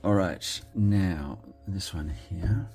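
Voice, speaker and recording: An Australian man talking casually as he makes a card, thinking aloud and quietly murmuring approval at his work. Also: low-pitched, takes it slowly, gravelly, soft background music. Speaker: card-making crafter. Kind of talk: casual commentary while crafting.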